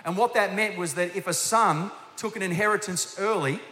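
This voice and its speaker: Bright-voiced man preaching. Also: high-pitched, moderate pace. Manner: energetic storytelling, asks the congregation direct questions. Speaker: guest preacher, senior minister. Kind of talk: sermon. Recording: echoey hall with faint hiss.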